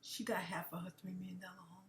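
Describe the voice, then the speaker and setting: A woman with a lowish voice talks through an emotional commentary to her viewers. She often drops to a whisper and circles back to repeat her points. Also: flat delivery, quick pace, slight background noise. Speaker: commentary vlogger.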